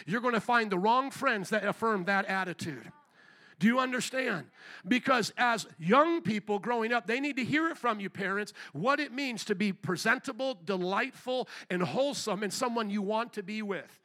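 A man's voice: high voice, normal speed, bright, forceful tone. A man, a pastor, preaching a sermon in a blunt, emphatic way and repeating his key phrases.

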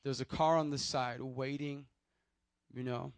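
A man's voice: medium pitch, steady tone, normal speed, clean tone, no echo. A young man, preaching a sermon and telling a personal testimony in a loose, conversational way. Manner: conversational storytelling with restarts and acted quotes.

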